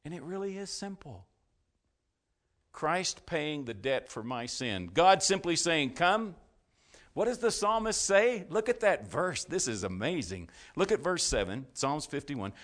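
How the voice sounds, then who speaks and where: A male preacher delivering a sermon, asking his congregation questions, then swelling to loud, fervent climaxes before dropping low and quiet. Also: animated, unhurried. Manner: asks the congregation questions and answers them.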